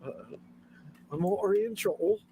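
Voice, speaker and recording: A man's voice: sits high, moderate pace, mellow, slightly rough. A man hosting a casual stream, playful and goofy, stirring up his friends. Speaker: stream host. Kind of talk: casual banter.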